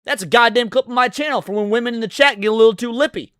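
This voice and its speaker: A man's voice: very high voice, racing, a bit bright, clean tone, no room sound. A man ranting with heavy swearing as a streamer reacting to a video. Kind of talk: profane reaction commentary.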